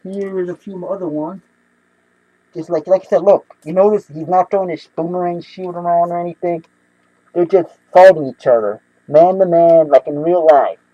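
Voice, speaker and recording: A young man casually reviewing comic books, excitable and rambling with many restarts. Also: high-pitched, normal speed, no room sound, muffled recording.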